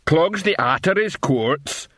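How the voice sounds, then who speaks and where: A man voicing big male trolls, with complaining, suspicious speech pitched well above his own. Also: expressive, takes it slowly, a bit bright, no room sound, clean studio sound, heavily acted. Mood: disgusted. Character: grumbling big male rock-eating trolls.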